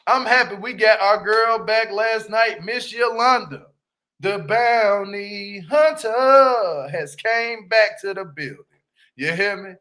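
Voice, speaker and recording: A man hosting a casual livestream review of a reality show, animated and slangy, laughing and talking straight to his viewers. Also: high voice, slow pace, low-quality recording. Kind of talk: casual commentary.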